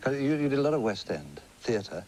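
Fast-talking TV host, animated and prompting, in a 1980s studio interview. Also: male voice, mid-range voice, faint music behind. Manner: eager, prompting, frequent assents. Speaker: chat show host. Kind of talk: TV interview questions. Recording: 1980s TV studio, faint hiss.

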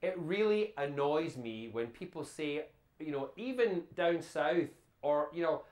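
A man's voice: on the high side, animated, measured pace, darkish tone, echoey room. A Scottish man giving an interview, talking bluntly and animatedly. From Scotland. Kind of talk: emphatic casual talk.

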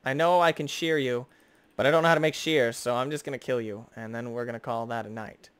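A young man giving excitable, jokey gameplay commentary as host, chatting to the creatures on screen. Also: medium pitch, fairly quick, clean tone, no echo. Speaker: gaming video host.

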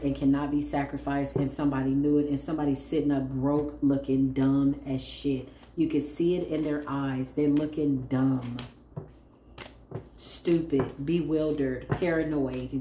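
In a low, mellow voice, a woman gives her viewers a casual tarot reading, blunt and sassy, laughing as she goes and calling listeners "child." The recording sounds like an echoey room with faint noise.

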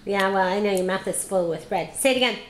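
A woman's voice: medium pitch, quick pace, noisy background. A woman filming at home, coaxing a toddler in a sing-song baby-talk voice to say words. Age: adult. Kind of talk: home video, talking to a toddler. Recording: echoey home room.

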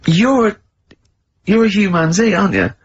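A man's voice: high voice, very animated, moderate pace, breathy edge. A man, co-hosting a radio show with teasing, rambling banter and frequent laughs. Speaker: radio co-host. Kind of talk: casual radio banter and storytelling. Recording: dull lo-fi radio broadcast.

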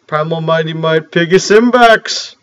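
A man doing casual gameplay commentary. He is excitable and joking, with sudden loud outbursts. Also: a little high, a little slow, poor audio. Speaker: let's play host.

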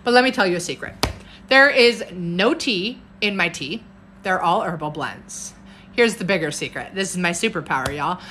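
A woman's voice: on the low side, expressive, normal speed, pushed and bright, a little hiss or hum. A woman herbalist chatting casually on a live stream, bubbly and talkative, reading out viewer comments. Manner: bubbly, chatty, laughs often, reads viewer comments aloud.

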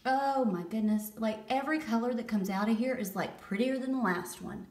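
A middle-aged woman, gushing over a bath product demo and shifting between hushed whispers and excited exclamations. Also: a little high, normal speed. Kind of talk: casual demo commentary. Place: bathroom by a tub. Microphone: handheld camera held away. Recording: echoey bathroom, mic at a distance.

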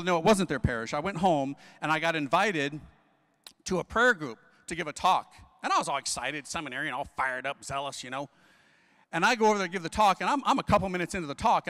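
A Catholic priest in his forties preaches with animated, swooping pitch and a bright, forceful edge. He talks in slang and fires off rhetorical questions. His voice rings out in a hall with a long reverb. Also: fast talker. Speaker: Catholic priest giving a conference talk. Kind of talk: energetic preaching.

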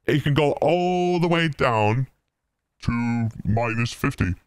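A man speaking through a pitch-shift effect that drops his voice far down, playful and hamming it up. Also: animated, slow pace, clear, resonant tone, no echo.

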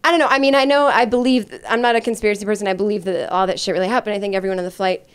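A woman's voice: mid-range voice, fairly even intonation, racing, clear, resonant tone. A woman performing a stand-up comedy set, telling a rambling, self-deprecating story full of fillers. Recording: live club recording with audience laughter. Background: audience laughter.

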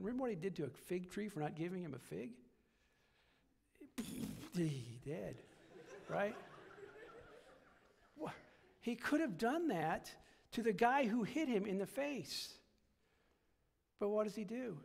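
A man's voice: high-pitched, expressive, measured pace, gravelly, long pauses, in a large hall. A man preaching a sermon as pastor, repeating phrases and building to emphatic peaks. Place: church sanctuary.

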